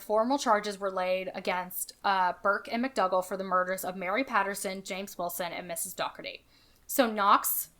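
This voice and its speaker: A woman's voice: medium pitch, a bit bright. A woman co-hosts a casual podcast and tells a history story in a chatty, easygoing way. Her talk is full of fillers and asides. She reads quoted passages aloud in the same voice. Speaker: podcast co-host.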